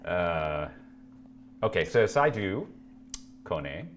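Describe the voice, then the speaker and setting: A man's voice: low-pitched, sing-song, extremely slow, slight background noise. A man co-hosting a live stream, reading viewer questions aloud and bantering playfully.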